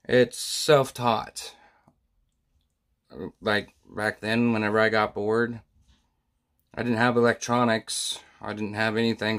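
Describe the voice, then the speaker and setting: A man casually introducing his video as a vlogger, low-key and relaxed. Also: creaky.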